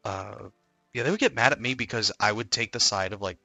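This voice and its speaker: A man's voice: on the low side, a little fast, vocal fry, pushed and bright, no room sound, faint music behind. A man chatting casually on a stream, telling long stories full of fillers. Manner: rambling storyteller, many fillers. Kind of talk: casual chat.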